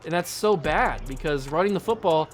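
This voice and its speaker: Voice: medium pitch, expressive, normal speed, slight background noise. A young adult channel host giving exasperated, venting play-by-play commentary over a football video game.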